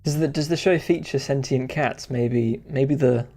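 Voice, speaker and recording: A man's voice: mid-range voice, a little slow, warm tone. A man chatting casually on a game dev live stream, rambling and hesitant with many fillers and chuckles.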